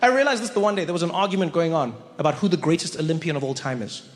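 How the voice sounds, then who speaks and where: A man's voice: a little high, rapid-fire, big-room sound, slight background noise. A man performing stand-up comedy on stage, telling stories in a playful way and acting out voices. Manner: playful storytelling, acts out voices. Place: comedy stage before a live audience.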